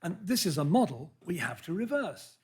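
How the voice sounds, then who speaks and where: A man speaks to an audience at a public lecture, with a husky, slightly breathy voice pitched a little above the usual for a man. He is earnest and halting, breaks off mid-word and starts again, and reads out quotations. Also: very animated. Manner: earnest, halting, with restarts and read-out quotes. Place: lecture hall.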